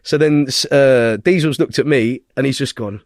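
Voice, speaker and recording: A blunt man retells a tense street incident in loose, expletive-laden talk, with plenty of "right?" tag questions. His voice sits at an ordinary male pitch and sounds dry and close, with no room echo. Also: moderate pace. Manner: blunt, heavy swearing, animated retelling; checks in with the listener with tag questions. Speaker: podcast guest. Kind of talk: casual storytelling in conversation.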